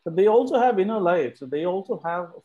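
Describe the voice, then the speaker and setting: A man's voice: high voice, animated, a little fast, dark tone, dull audio. A man hosting a casual book club discussion, chatty, repeating words while he thinks.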